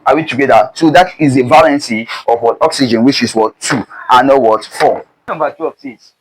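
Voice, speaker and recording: A young man tutors exam chemistry in a call-and-response style. He keeps breaking off with a questioning "what?" before he gives each answer, and his voice sits at a middle pitch. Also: moderate pace, low-quality recording. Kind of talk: exam prep lesson.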